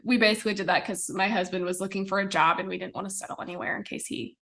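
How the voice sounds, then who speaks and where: A woman's voice: mid-range voice, fairly even intonation, very fast, gravelly, a bit bright. A young woman from the American Midwest, a podcast guest talking casually with lots of fillers and little laughs. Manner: chatty, many fillers and laughs. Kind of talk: casual interview chat.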